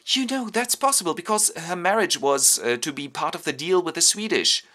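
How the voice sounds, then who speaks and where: Guy doing a wry skeptical noble buddy, lively voice. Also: a little high, normal speed, voice pushed up. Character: loyal, skeptical young male nobleman friend.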